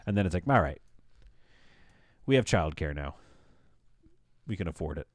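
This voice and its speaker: A man's voice: low voice, animated, normal speed. A man in his thirties chatting casually on a live stream as he builds, rambling in a stream-of-consciousness way.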